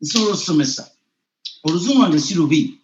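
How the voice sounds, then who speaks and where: A Ugandan man, a teacher, a guest on a call, arguing his points in an animated, insistent way. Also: fairly high pitch, fast talker, background noise. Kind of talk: casual debate mixing Luganda and English. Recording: dull, echoey room sound.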